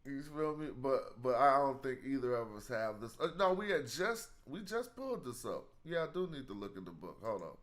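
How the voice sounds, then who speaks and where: A man's voice: mid-range voice, sing-song, a little fast, few pauses, a bit bright. A man hosting a casual live study stream, thinking aloud in slang as he works through hieroglyphs.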